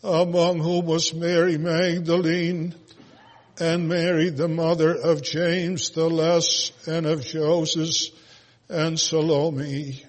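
A man reading scripture aloud in a solemn, slow, almost chanted way, with occasional hesitant pauses. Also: fairly high pitch, level tone. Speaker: scripture reader. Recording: long hall reverb.

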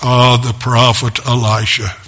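A man preaching a sermon as pastor, in slow, measured short phrases with long pauses. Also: medium pitch, flat delivery, a bit bright, breathy edge, lo-fi sound.

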